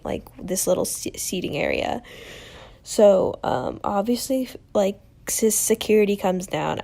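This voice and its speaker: A young woman hosting a podcast, telling a story in a chatty way full of "like" and "um", acting out what people said. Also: mid-range voice. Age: young adult. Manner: chatty, lots of "like" and "um", animated quoting. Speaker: podcast host. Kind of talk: casual storytelling.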